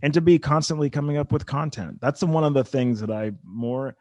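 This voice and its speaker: A man's voice: mid-range voice, a little fast, mellow, no echo, highs cut off. A man guesting on a comedy podcast, chatting casually and rambling with many restarts and "like"s.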